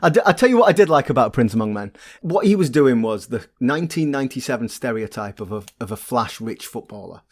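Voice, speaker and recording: A man co-hosts a podcast in casual chat. His pitch swings up and down with lots of life. He sounds wry and opinionated, sure of his views. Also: big pitch swings, quick pace, hardly any pauses. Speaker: podcast co-host.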